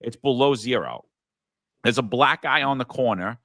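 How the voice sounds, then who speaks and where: Blunt, forceful New man. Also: medium pitch, normal speed, dry recording. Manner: blunt, profane, emphatic storyteller. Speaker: podcast co-host; former police sergeant. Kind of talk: casual political talk with storytelling.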